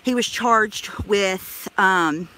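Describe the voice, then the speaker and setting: A woman's voice: medium pitch, drawn-out words, bright, forceful tone. Breathless chatty woman outdoors. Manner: chatty, swears casually, laughs often. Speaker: live-streamer. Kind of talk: casual chat while walking. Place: outdoors in a crowded park. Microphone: handheld phone camera.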